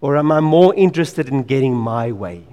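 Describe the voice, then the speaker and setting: A man preaching a sermon in an earnest, emphatic way. He repeats key phrases and drops to quiet asides. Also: medium pitch, lively intonation, normal speed, in a large hall.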